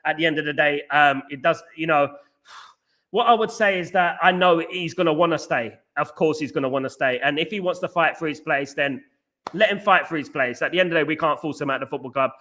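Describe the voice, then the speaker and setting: A football fan livestream host from London answers his viewers' comments a little fast, in loose, repetitive chat riddled with fillers and false starts. His bright, forceful voice sits somewhat high for a man and takes on a combative bite when he argues back.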